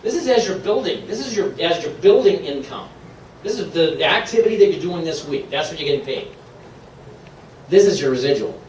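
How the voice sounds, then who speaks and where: A man from Maine giving an upbeat, persuasive sales pitch to a live room, laughing often. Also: animated, fairly quick, echoey room, distant mic, slight background noise, rough recording. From Maine, USA. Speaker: presenter at a sales meeting. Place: meeting room.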